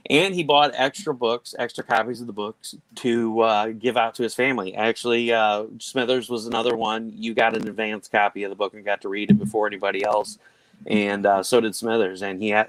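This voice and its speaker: Male auction host, low voice, dry close sound, jokey casual delivery. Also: little pitch movement, a little fast, a bit bright, no echo, low-quality recording. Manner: jokey, reads item blurbs aloud. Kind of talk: casual livestream chat.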